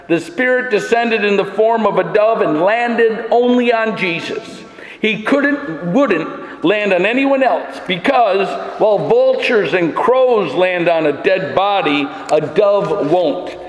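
A man's voice: high-pitched, animated, takes it slowly. A male pastor preaching a sermon emphatically, building his points through repeated phrases. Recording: echoey hall.

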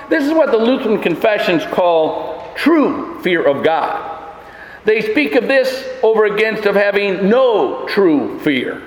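Male pastor, high voice, emphatic sermon delivery, long church reverb. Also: big pitch swings, measured pace. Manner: emphatic, rises in pitch on fearful lines, wry asides. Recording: echoey church hall.

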